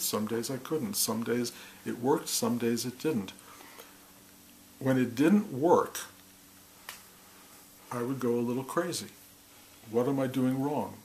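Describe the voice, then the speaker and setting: A man giving a slow, reflective spiritual talk, speaking softly and often dropping to a near whisper. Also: mid-range voice, creaky, slight background noise, rough recording. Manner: slow, soft, intimate, drops to near whispers.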